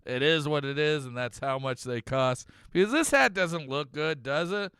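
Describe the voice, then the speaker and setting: A man hosting a casual show recap, joking loudly and laughing often. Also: fairly high pitch, normal speed, smooth, no room sound. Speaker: host.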